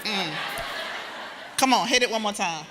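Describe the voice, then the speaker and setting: A woman giving a speech at a gala, lively and laughing as she coaxes the crowd. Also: mid-range voice, measured pace, heavy background noise. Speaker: award presenter and gala speaker. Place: large event hall with a crowd. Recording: echoey hall with crowd murmur.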